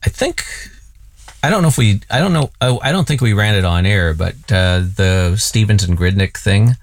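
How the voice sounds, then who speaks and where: A man's voice: fairly low pitch, animated, moderate pace. Rambling self-deprecating radio host, man. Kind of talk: casual chat.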